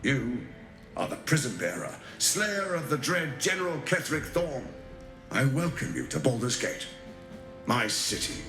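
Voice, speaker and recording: A silky game villain lord, gracious and lively, in an echoey space. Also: male voice, mid-range voice, a little slow, over music. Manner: polished, courteous, self-assured. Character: scheming smooth-talking male lord, would-be ruler. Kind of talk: video game voice acting.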